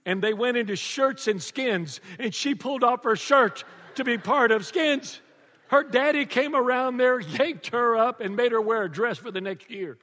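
An older man preaching a sermon to a congregation, animated and joking, laughing often. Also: very high voice, normal speed. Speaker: pastor. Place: church before a congregation. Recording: long reverb of a large church.

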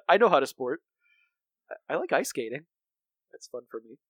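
A man's voice: on the high side, big pitch swings, moderate pace, fairly bright tone, slightly rough, no echo. A man co-hosting a podcast, recapping a cartoon episode in a rambling, casual way with many fillers and restarts. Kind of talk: casual chat.

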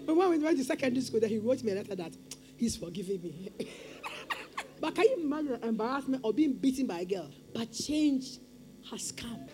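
A woman's voice: fairly high pitch, lively intonation, a little fast, mellow, faint music behind. A woman preaching a sermon with emphatic, repetitive call-and-response phrasing.

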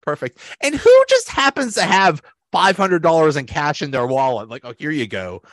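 A man's voice: a little high, very animated, moderate pace, a bit bright, dry recording, studio quality. A man hosting a podcast in casual chat, talking loosely, laughing often and acting out quotes. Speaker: podcast host.

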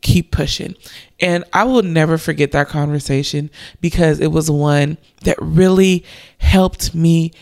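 A young woman hosting a devotional podcast, talking earnestly and encouragingly with slow emphasis. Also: deep voice, darkish tone. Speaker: podcast host.

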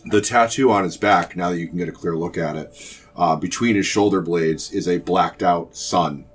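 A man narrating as game master of a tabletop game, measured, with frequent ums. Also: low voice, slightly rough.

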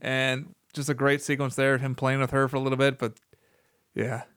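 A man in his thirties with a smooth, clear voice recounts things eagerly on a casual podcast. He uses many fillers. The sound is dry and close, with no room echo. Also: medium pitch, flat delivery, moderate pace, fairly bright tone. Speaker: podcast co-host. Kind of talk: casual chat.

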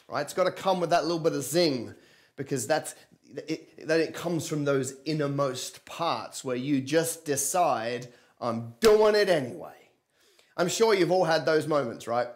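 A man, giving an energetic livestream sermon and calling on viewers to respond. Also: on the high side. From London and Australia. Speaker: preacher and business coach.

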